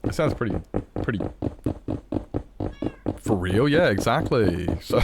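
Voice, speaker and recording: A man's voice: lowish voice, lively intonation, unhurried, very noisy. An Australian man chatting casually while streaming a game, rambling and joking at his own expense. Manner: rambling, self-mocking, lots of restarts and laughs. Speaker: Minecraft streamer. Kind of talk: casual live-stream chat.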